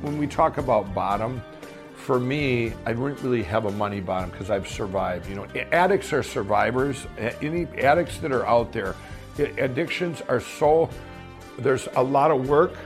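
A man's voice: medium pitch, normal speed, faint music behind. A middle-aged man casually telling his own life story, rambling, with many restarts and fillers.

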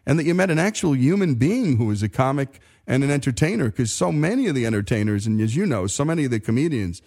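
Man, radio host, lively pitch, enthusiastic, stammering questions. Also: fast. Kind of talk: radio interview.

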